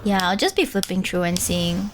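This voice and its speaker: A woman's voice: fairly low pitch, expressive, music in the background. A young woman streaming a game playthrough, commenting sarcastically between lines of dialogue. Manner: sarcastic, quick laughs.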